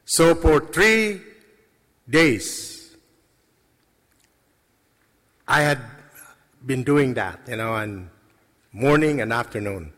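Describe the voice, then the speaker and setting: Slow, earnest man in a reverberant hall. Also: medium pitch, animated, a bit bright. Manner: earnest and halting, with many pauses and restarts. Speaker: lay speaker giving a testimony. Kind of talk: personal faith testimony to a congregation. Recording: long reverb of a large hall.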